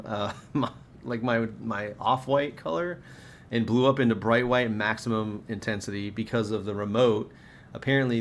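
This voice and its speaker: A man's voice: on the low side, a little hiss or hum. A man hosting a live stream from his workshop, showing off lightsaber parts in a rambling, chatty way that corrects itself as he goes. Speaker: saber parts maker and stream host. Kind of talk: casual live stream product showcase. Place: home workshop studio with camera and key light.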